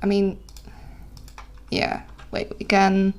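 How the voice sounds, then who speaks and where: On her live stream, a young woman from the Netherlands with a Dutch accent talks casually in a mid-range, creaky voice with big pitch swings and a slow pace, against slight background noise. She sounds tired, laughs a lot, and pauses to correct herself and apologize.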